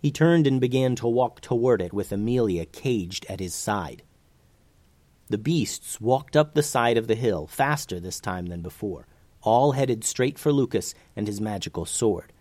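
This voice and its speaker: Animated male storybook narrator. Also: fairly low pitch, a little slow, no echo.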